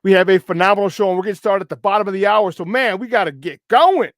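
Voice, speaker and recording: Male sports talk host with a Chicago accent, high voice, bouncy slang-heavy delivery, dry close sound. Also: fast, no room sound. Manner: energetic, playful shout-outs, slangy. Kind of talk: hyped morning sports talk.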